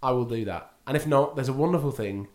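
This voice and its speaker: A man's voice: medium pitch, fast, reverberant, crowd noise. A man co-hosting a podcast in casual chat, hesitant and full of ums. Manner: chatty, hesitant with many ums. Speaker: podcast co-host.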